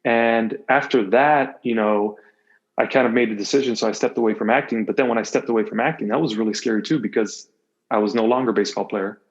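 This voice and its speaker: A man's voice: mid-range voice, steady tone, quick pace. A man in his thirties, a podcast guest, talking earnestly and reflectively about his life. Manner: earnest, reflective, opens up freely. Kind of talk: candid personal storytelling. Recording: slightly dull, muffled audio.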